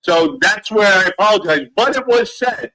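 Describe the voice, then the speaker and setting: A man in a played clip from another stream, speaking earnestly and stumbling over his words as he tries to calm things down. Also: high-pitched, normal speed, low-quality recording. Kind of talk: heated live stream discussion.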